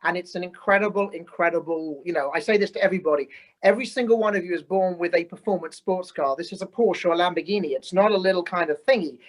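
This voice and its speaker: A man's voice: high voice, fast talker, poor audio. A man, a physician guest on a podcast, explaining his approach earnestly and restarting sentences as he goes. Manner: earnest, explanatory, repeats words as he starts sentences. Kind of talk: conversational podcast interview.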